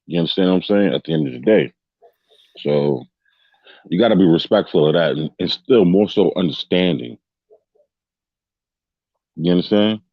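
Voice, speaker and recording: Deep-voiced man hosting a loose fan podcast. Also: moderate pace, gravelly, long pauses, no room sound, dull audio. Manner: rambling, loose and chatty, with many restarts and tag questions. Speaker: podcast host. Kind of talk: casual fan podcast discussion.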